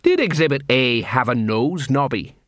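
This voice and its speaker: A man voicing a plodding, middle-aged male watch sergeant who questions slowly and suspiciously. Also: mid-range voice, expressive, a bit bright, no room sound, studio quality, lightly acted.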